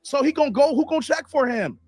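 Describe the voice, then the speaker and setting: A man's voice: very high voice, animated, fast talker, no echo, faint music behind. A married man with a daughter, lecturing emphatically in a heated panel debate.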